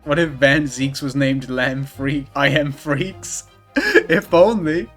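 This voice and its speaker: A man streaming a game, chatting excitedly and laughing often as he reacts. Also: fairly high pitch, takes it slowly, faint music behind. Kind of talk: casual gameplay commentary.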